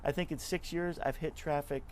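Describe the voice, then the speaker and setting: A middle-aged man, a nonprofit club leader, giving a casual interview and telling stories in a lively way, often acting out what people said. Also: a little high, a little fast, slight background noise. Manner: chatty, animated storyteller who acts out quotes.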